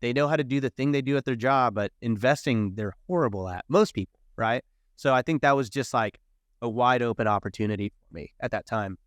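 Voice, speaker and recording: A man in his thirties, a podcast guest telling stories in a casual, animated way and acting out quoted dialogue. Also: mid-range voice, a little fast, clean tone, dry recording, clean studio sound. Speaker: podcast guest, real estate investor. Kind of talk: casual storytelling interview.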